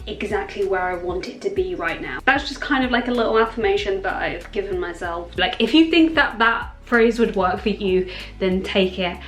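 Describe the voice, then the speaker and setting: A woman's voice: medium pitch, animated, moderate pace, a bit bright, faint music behind. Chatty woman vlogging in an echoey room. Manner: chatty, rambling, correcting herself; earnest and encouraging. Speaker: self-acceptance content creator. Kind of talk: casual vlog talk. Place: at home.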